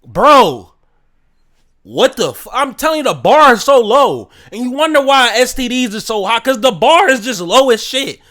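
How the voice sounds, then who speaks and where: A man's voice: very high-pitched, very animated, normal speed, a bit bright. A man hosting his own podcast, ranting solo in a profane, incredulous commentary. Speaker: podcast host.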